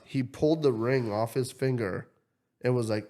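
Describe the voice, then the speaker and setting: Male podcast host, lively storyteller who swears a lot and voices his characters. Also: medium pitch, moderate pace. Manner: animated, swears freely, acts out quotes. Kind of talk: casual storytelling chat.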